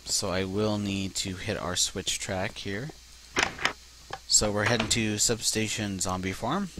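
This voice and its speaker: A man's voice: on the low side, a little slow, background noise. A man commenting casually on his own gameplay as a let's play host, swearing often when things go wrong. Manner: swears a lot, frustrated outbursts.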